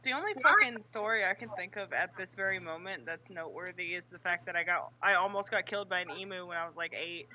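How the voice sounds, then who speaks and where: A woman's voice: fairly low pitch, fast talker, hardly any pauses, bright, forceful tone, slight background noise, rough recording. A woman telling a childhood story in casual chat, emphatic and swearing. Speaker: podcast co-host.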